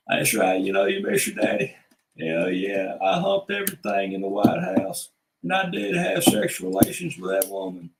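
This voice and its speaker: A man imitating a boastful older male politician, with a low, self-satisfied drawl and crude boasts. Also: expressive, moderate pace, gravelly, roomy sound, noisy background, heavily acted. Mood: smug.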